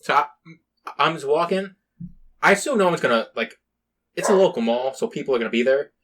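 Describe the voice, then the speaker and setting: A man's voice: a little high, animated, a little fast, a bit bright. A young man hosting a podcast, telling rambling, laid-back stories in a casual chat. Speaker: podcast host.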